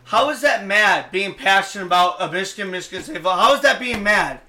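Passionate man ranting at high pitch. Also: animated, a little fast. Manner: passionate, profane, shouting rants. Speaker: podcast co-host. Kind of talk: heated sports podcast debate.

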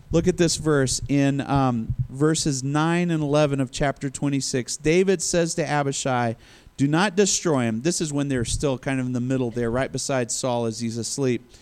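A man's voice: mid-range voice, moderate pace, a little mellow. A male preacher giving a sermon in a conversational storytelling manner. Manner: conversational storytelling, acts out quotes.

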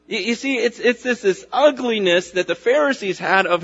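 A man preaching a sermon as pastor, animated, acting out the voices of people and God in quotes. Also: high-pitched, moderate pace, hardly any pauses. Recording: dull lo-fi recording.

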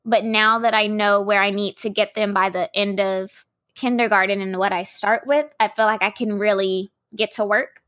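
A woman's voice: mid-range voice, fairly even intonation, moderate pace, a bit bright, no room sound, studio quality. A woman with a Southern US accent, a kindergarten teacher co-hosting a podcast, giving frank opinions in casual chat.

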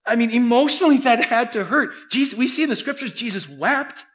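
A man preaching a sermon, animated and acting out scenes. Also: extremely high pitch, brisk. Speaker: pastor.

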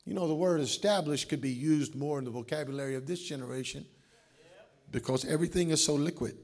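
A man preaching a sermon as pastor, calling on the congregation to answer back and swinging between shouts and hushed asides. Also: fairly high pitch, quick pace. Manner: preaching with call-and-response to the congregation.

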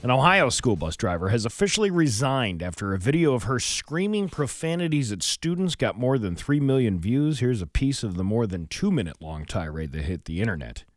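A man hosting a morning radio show, reading news and weather and joking with his co-host in a casual, animated way. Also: medium pitch, a little fast, few pauses, no echo, studio quality. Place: radio studio. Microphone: studio microphone.

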